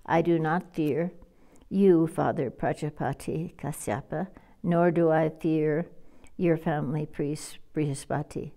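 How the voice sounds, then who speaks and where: A woman with a low, steady, warm voice reads scripture as a stern old male sage laying down a curse. Her delivery is solemn and measured.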